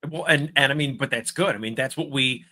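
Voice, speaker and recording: A man hosting a podcast interview, enthusiastic and halting, with many restarts. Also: mid-range voice, bright, forceful tone. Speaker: podcast host.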